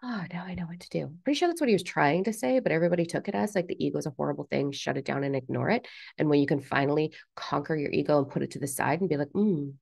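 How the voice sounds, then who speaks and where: A woman speaks in a deep, creaky voice, blunt and animated as she rants through self-help advice and swears casually. The sound is dry and close, with no room echo. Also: rapid-fire. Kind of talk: candid motivational rant.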